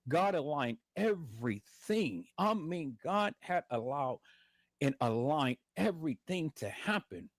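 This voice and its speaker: A man's voice: fairly high pitch, big pitch swings, a little slow, no room sound, clean studio sound. A man, in pain and lying in bed, giving a fervent, repetitive testimony of faith to livestream viewers and calling them "peoples". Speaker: livestream host.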